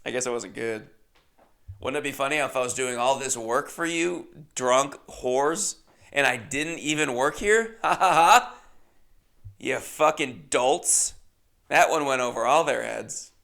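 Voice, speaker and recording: A man's voice: mid-range voice, moderate pace, vocal fry, a bit bright. A man hosting a podcast, telling a comedic story in a wry, self-deprecating way. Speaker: podcast host.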